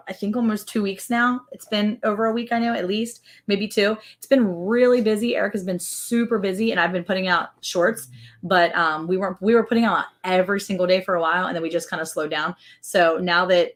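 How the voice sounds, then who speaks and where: A woman with a Southern US accent, co-hosting a casual ranch livestream, chatty and quick to laugh, reading out viewer comments. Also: mid-range voice. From American South.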